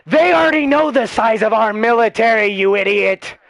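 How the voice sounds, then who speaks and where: A man, a military veteran streaming a game, arguing in voice chat, ranting, swearing and shouting into a headset mic. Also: high voice, animated, moderate pace, no room sound. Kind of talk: heated voice-chat argument while gaming.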